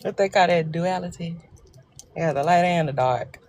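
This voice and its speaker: A woman's voice: on the low side, moderate pace, a little mellow, slight background noise. A woman from Arkansas with a Southern accent, chatting casually and joking with viewers on a phone livestream. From Arkansas, USA. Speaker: livestream host. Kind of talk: casual live chat.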